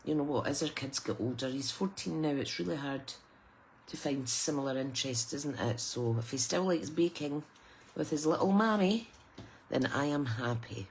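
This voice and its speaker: A woman's voice: low voice, lively intonation, normal speed, darkish tone, slight background noise. Chatty British woman teaching a craft. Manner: chatty, soothing story-time teaching tone. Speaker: papercraft demonstrator. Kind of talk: live crafting tutorial.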